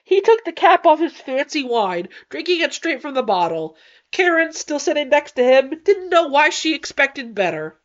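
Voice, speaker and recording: A woman narrating a fan-written story as an audiobook, with an expressive, comic delivery. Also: sits high, moderate pace. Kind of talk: audiobook fanfic reading. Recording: dull lo-fi recording.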